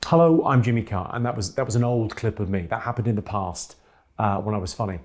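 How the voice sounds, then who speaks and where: A man with a posh southern English accent doing stand-up one-liners in a clipped, deadpan delivery, recorded live at a comedy show. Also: on the low side, fast talker. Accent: English, southern received pronunciation. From England, home counties. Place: live comedy venue with audience. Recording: live show recording with loud audience laughter.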